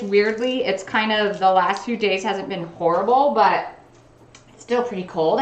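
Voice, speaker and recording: A woman's voice: medium pitch, roomy sound, lo-fi sound, a little hiss or hum. A woman chatting casually on a cooking livestream, narrating what she does as she chops in her home kitchen. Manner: chatty, talks while chopping, self-narrating. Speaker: cooking streamer.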